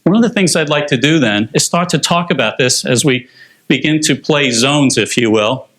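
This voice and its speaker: A man's voice: medium pitch, lively intonation, normal speed, fairly bright tone. Man presenting at a tech conference. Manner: explanatory, walks through slides with frequent fillers. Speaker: technology presenter.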